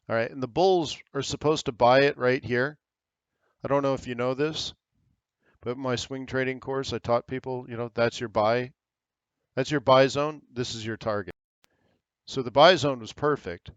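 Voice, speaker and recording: American man, live trading commentary, smooth voice, dry close mic, slightly dull sound. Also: mid-range voice, dry recording. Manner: casual, rambling, thinks aloud with fillers. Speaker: trading webinar host.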